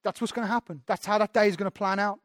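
A man's voice: high-pitched, steady tone, rapid-fire, fairly bright tone, no echo, studio quality. A man preaching a sermon as pastor, candid and self-deprecating, often restarting his sentences.

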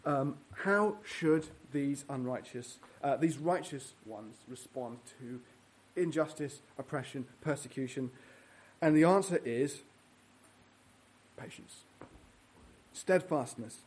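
A man's voice: medium pitch, expressive, slow. A man preaching a sermon in a church, earnest and teaching verse by verse with fillers and restarts.

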